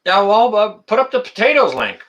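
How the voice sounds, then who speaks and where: Male livestream host, a little high-pitched, bright tone, indignant casual ranting. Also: moderate pace, highs cut off. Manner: animated, talks to chat viewers by name; indignant, rants and repeats phrases.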